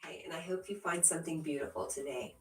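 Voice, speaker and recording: A low-pitched woman chats through a livestream, reading viewer comments aloud and laughing often as she answers them. She sits back from the mic, and her voice bounces around a roomy space. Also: fast talker, slight background noise. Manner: giggly, laughs often between remarks. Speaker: livestream host. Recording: roomy echo, distant from the mic.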